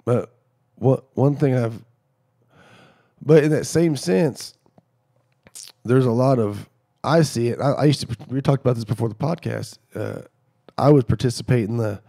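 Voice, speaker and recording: Middle-aged man, gravelly and mellow, casual podcast storyteller who acts out the dialogue. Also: mid-range voice, measured pace, pauses often. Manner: animated storyteller acting out quoted dialogue.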